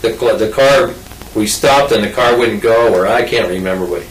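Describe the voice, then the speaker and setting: A man's voice: lowish voice, moderate pace, far from the mic, a little hiss or hum. Older man telling a rambling story. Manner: rambling, folksy, with restarts and asides. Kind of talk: casual oral history. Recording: roomy sound from off mic.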